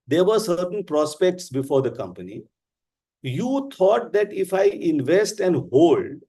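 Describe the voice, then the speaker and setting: A man with an Indian English accent teaching a live class, explaining slowly and with emphasis. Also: a little high, mellow. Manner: slow, deliberate, emphatic explaining. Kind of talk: live online class lecture.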